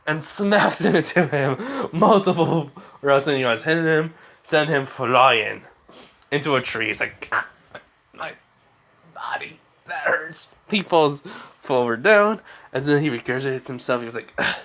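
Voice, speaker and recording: A man's voice: fairly high pitch, lively intonation, unhurried, fairly bright tone. A man casually telling a homemade fan story, rambling and chuckling as he goes.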